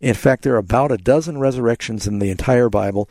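A man's voice: medium pitch, fast talker, a little mellow, no echo. A man hosting a Bible call-in radio show, earnestly explaining scripture to callers.

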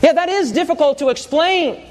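A man's voice: extremely high pitch, normal speed. A man preaching a sermon, telling a personal story and asking the congregation questions.

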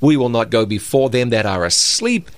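A man's voice: medium pitch, very animated, normal speed, no echo. Emphatic man preaching on a Bible show. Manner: emphatic, preacherly, quotes scripture. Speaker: co-host of a Bible program. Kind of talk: religious broadcast discussion.

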